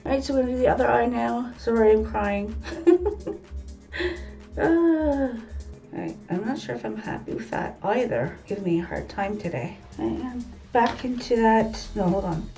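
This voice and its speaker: A woman with a gravelly, mellow voice talks viewers through her makeup one step at a time, in a relaxed, chatty way. She sounds a little away from the mic, with soft music playing faintly underneath. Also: medium pitch, far from the mic. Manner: chatty, talks to viewers as guys while working. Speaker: makeup tutorial host. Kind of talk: casual step-by-step makeup tutorial.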